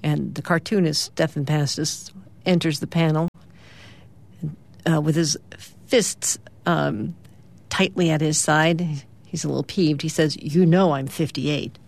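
A middle-aged woman, a radio host, describing the morning's comic strips aloud in a lively storytelling way. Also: low voice, measured pace, creaky, long pauses. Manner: lively storytelling, lifting her voice for characters' lines.

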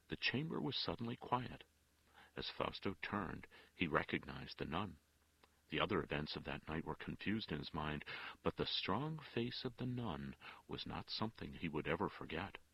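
Very deep, gravelly male storyteller. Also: dry recording. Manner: measured, expressive storytelling. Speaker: narrator. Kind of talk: audiobook reading. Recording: dull, dry lo-fi recording.

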